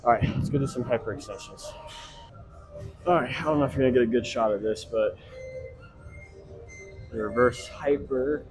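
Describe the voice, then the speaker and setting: A young fitness vlogger films his leg workout in a gym, chatting casually to viewers between sets, sometimes out of breath, swearing and tossing in coaching asides. His mid-range voice moves at a moderate pace with frequent pauses. The low-quality recording picks up gym ambience and faint music.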